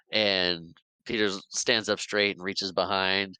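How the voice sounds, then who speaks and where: A man hosting a casual podcast, retelling a film with lively energy. He often bursts into laughter and acts out the lines. His voice is bright and forward, and the recording is dry and close. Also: sits low, slow pace, clear, resonant tone, no echo, poor audio. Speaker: podcast co-host.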